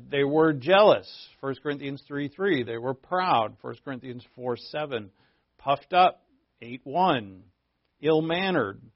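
A man teaching a Bible class in a conversational way, stressing points by repeating them and often pausing on fillers. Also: mid-range voice, no echo. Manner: conversational, repetitive emphasis, frequent fillers. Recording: dull, dry, lo-fi recording.

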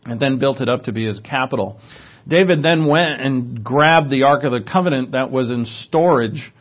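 A man's voice: mid-range voice, breathy edge, lo-fi sound. A man preaching a sermon in a conversational teaching style, with asides and fillers.

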